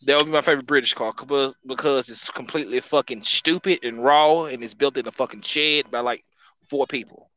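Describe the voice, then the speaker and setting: A man's voice: medium pitch, brisk, a bit bright, dry recording, rough recording. A man co-hosting a podcast, chatting casually about cars, swearing a lot and hesitating while he thinks. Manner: profane, hesitant, thinks aloud with many ums. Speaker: podcast co-host. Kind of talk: casual car banter.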